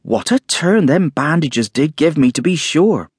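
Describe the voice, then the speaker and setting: Fussy village landlady, bustling and flustered, lively high voice, a man acting her out. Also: measured pace, husky, no echo, studio quality. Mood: fussing. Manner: fussy, flustered, rustic country speech.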